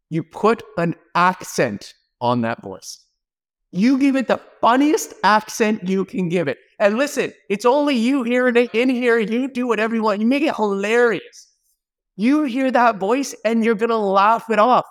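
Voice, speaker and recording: A man with a notably high speaking voice for a man, talking as an interview guest. He delivers motivational advice with energy and emphasis, punching his points with short exclamations. His voice sits well above the usual male range. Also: lively intonation, normal speed. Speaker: podcast guest, business leader and speaker.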